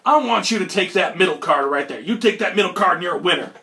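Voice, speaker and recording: A man's voice: high-pitched, animated, fast, pushed and bright, exaggerated voice. A man voicing an old male street card hustler who drawls folksy lines and calls the listener boy and son. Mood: sly, folksy.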